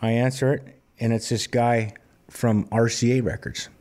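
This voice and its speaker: Mellow-voiced man in his fifties telling stories. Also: mid-range voice, moderate pace. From Montana. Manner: relaxed, plainspoken anecdotal storyteller. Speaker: singer-songwriter guest. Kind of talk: conversational storytelling interview.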